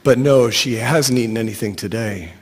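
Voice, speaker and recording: Middle-aged guy reading his story out loud, dry and even, mid-pitched, big hall echo. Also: normal speed, a little hiss or hum. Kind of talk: reading a short story aloud.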